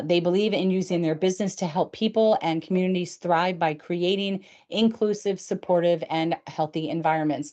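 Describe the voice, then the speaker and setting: A woman's voice: fairly low pitch, a little mellow. A woman in her fifties hosting a show, talking in a chatty, upbeat way. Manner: chatty and upbeat, with frequent fillers. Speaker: host. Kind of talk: casual chat.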